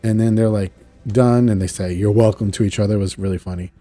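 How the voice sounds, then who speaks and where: A man's voice: fairly low pitch, quick pace, no room sound. A man recapping a cartoon episode in casual, rambling talk, acting out the characters' lines and chuckling at asides. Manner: animated storytelling, acts out characters' lines. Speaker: show reviewer.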